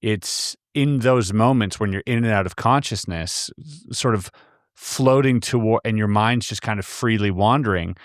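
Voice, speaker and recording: A man's voice: fairly low pitch, moderate pace, no room sound, clean studio sound. A man hosting a podcast who talks in a reflective, casual way with frequent fillers. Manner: reflective, with many fillers like "you know". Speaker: podcast host. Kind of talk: casual interview chat.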